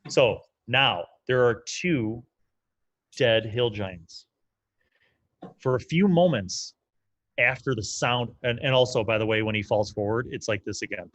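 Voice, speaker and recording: A man's voice: medium pitch, a little slow, fairly bright tone, dry recording. A man narrating as game master in a casual, loose way, with lots of fillers.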